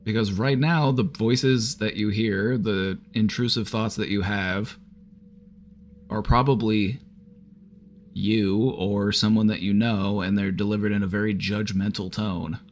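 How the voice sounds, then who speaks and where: A man's voice: lowish voice, fairly even intonation, measured pace, slight background noise. A man giving casual advice on a live stream at home, talking loosely with lots of "like" and some swearing. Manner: casual, frequent filler "like", swears. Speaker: therapist streamer. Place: home, with his dog.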